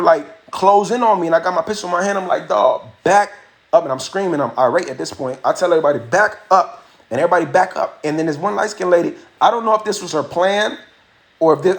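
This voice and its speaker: A man hosting a livestream, telling a story casually and animatedly, full of profanity and acted-out quotes. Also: on the high side. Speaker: livestream host. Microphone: phone or webcam mic.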